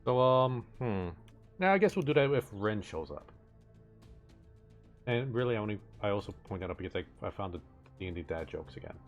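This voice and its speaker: A man narrating as game master for a tabletop game, halting and full of fillers and restarts. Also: lowish voice, sing-song, lo-fi sound, faint music behind.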